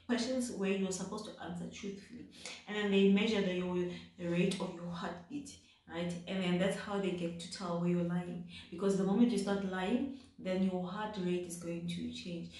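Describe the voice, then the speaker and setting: A woman's voice: medium pitch, darkish tone. A woman from South Africa talks casually to camera, giving relationship advice. She repeats her points and checks in with "right?". Her voice rings around a very echoey room, picked up from a distance. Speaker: vlogger giving dating advice.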